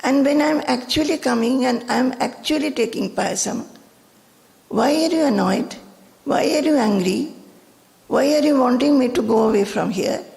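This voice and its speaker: A woman voicing a sweet, soft-spoken little divine boy with a lisp. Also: sits high, animated, normal speed, gravelly, in a large hall, pitched above the performer's own voice, exaggerated voice. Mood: pleading.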